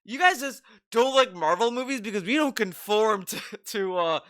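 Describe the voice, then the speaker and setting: A man's voice: sits high, expressive, normal speed, fairly bright tone, clean tone. A man doing a mock-earnest parody of a pompous male movie studio boss making an announcement. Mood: mock-serious.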